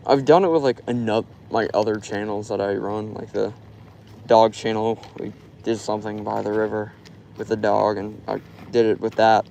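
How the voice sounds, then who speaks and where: A young man from Florida streams himself fishing outdoors by a river, chatting loosely and rambling with constant use of "like." His voice is fairly low, creaky and warm, with little pitch movement and a normal speed. Slight background noise comes through on a rough recording.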